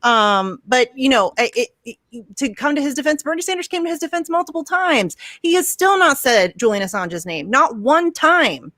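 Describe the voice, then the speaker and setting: A woman in a casual chat who talks bluntly and angrily and swears freely. Her voice sits fairly high. The sound is dry and close. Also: very animated, brisk, fairly bright tone, no room sound. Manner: angry, blunt, swears a lot. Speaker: vigil host.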